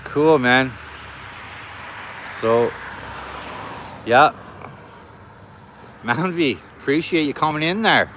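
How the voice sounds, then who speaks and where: A man's voice: fairly high pitch, expressive, very slow, long pauses, fairly bright tone. A friendly, talkative middle-aged man, live-streaming from outdoors near an air base. He greets his viewers one by one in easy, loose chat, with faint traffic behind him. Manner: chatty, greeting viewers by name.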